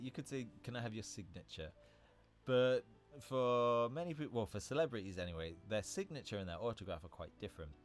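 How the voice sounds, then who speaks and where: A man hosting a casual livestream, explaining English vocabulary in a chatty way, often correcting himself and laughing at his own slips. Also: medium pitch.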